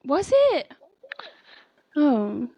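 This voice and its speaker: A woman's voice: high voice, wildly swooping pitch, very slow, warm tone, no room sound, dull audio. Rambling, profane woman chatting. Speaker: podcast co-host. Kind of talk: casual chat.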